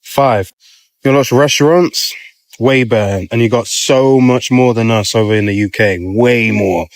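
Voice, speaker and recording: A man of twenty-six from the UK with a British accent, talking casually to camera and counting off his points in slangy, relaxed speech. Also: mid-range voice, a little slow, no room sound. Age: 20s.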